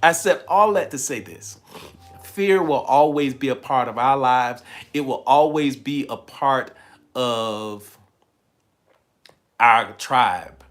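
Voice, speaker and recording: A man's voice: medium pitch, slow pace, fairly bright tone. A man from the American South with a Southern accent, giving a live motivational talk, repeating key lines for emphasis and laughing often. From Southern United States. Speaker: motivational spiritual speaker.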